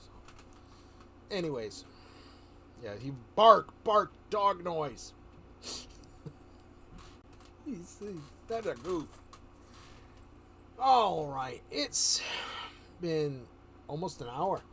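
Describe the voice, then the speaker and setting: A man with a fairly high, sing-song voice talks very slowly and pauses a lot, with a little background noise. He's streaming live, chatting casually through a rambling story, chuckling often and restarting his sentences.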